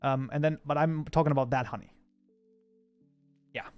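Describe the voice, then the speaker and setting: A man's voice: on the high side, fairly even intonation, moderate pace, darkish tone, dry recording, soft background music. A man whose first language is German, chatting casually with his live-stream chat while coding, often breaking into mock outrage. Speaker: streamer, mod programmer.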